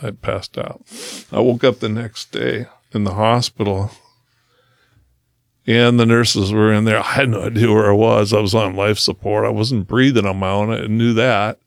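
A man with a low, gravelly voice tells his own story as a guest in a conversation. He speaks earnestly and slows down to stress key moments. The sound is dry and close, with no room echo. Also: flat delivery. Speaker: podcast guest, motivational speaker.

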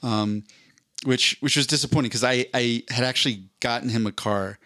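A man's voice: mid-range voice, normal speed, sharp tone, no echo, clean studio sound. A man co-hosting a podcast, telling a long casual story with lots of restarts and self-corrections. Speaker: podcast co-host. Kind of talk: casual chat.

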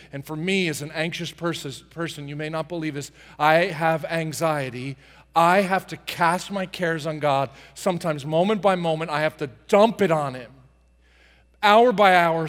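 A male pastor preaching a sermon in a dramatic style, acting out prayers and swinging from soft to booming. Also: long reverb tail. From United States.

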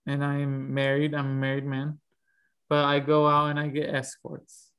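A man co-hosting a casual podcast, talking in a halting, hesitant way and laughing easily. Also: a little high, monotone, a bit bright, clear, resonant tone. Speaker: podcast co-host. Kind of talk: casual chat.

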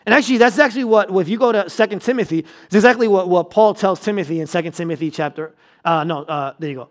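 A young adult man preaching a sermon, telling a personal story with animated delivery and repeating key lines for emphasis. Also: sits high, quick pace. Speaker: pastor.

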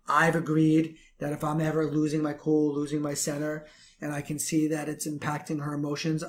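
Earnest man coaching other men. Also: on the high side. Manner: earnest, preachy, repeats phrases for emphasis. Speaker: relationship coach. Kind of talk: advice talk to men.

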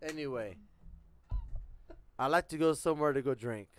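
A man's voice: on the high side, moderate pace, a loud crowd. A young man co-hosting a podcast, chatting casually over beers and rambling, swearing and restarting whenever he loses his thread. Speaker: podcast co-host.

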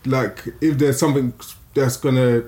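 A man chatting casually about a TV show, hesitant and halting, with many fillers and restarts. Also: mid-range voice, steady tone, warm tone. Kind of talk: casual chat reviewing a TV show.

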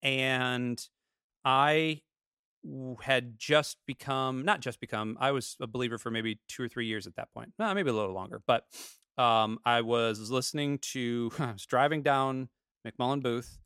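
Male podcast co-host, smooth and dry, animated storyteller. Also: medium pitch, unhurried, no echo. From Florida. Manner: animated storyteller, acts out quotes. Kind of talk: casual chat.

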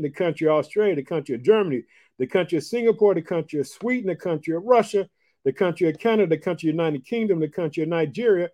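Pumped-up male podcast preacher, mellow tone. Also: sits high. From Chicago, Illinois. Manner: energetic, repetitive, folksy, calls listeners "family" and "boy". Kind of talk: enthusiastic devotional podcast talk.

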